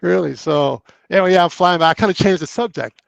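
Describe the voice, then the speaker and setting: A man with a slightly high, gravelly voice spins a story on a podcast, slipping into the voices of the people in it. The sound is close and dry, with no room around it. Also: fast, no echo, dull audio. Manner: animated, acts out both sides of conversations, laughs often. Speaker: actor guest. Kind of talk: casual storytelling.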